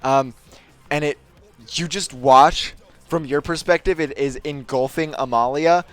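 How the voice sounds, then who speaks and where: A man's voice: fairly high pitch, unhurried. Casual swearing game master, man. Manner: casual, swearing, filler-heavy description. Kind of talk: narrating a tabletop game.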